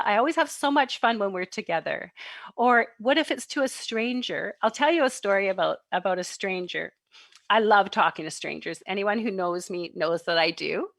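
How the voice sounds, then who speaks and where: A woman's voice: medium pitch, no echo. A middle-aged woman giving an online parenting talk, telling personal stories with laughter and acted-out quotes. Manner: animated, laughs and acts out quoted voices. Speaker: parenting workshop presenter. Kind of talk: warm storytelling talk to an online audience. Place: home, online livestream. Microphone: computer mic on a video stream.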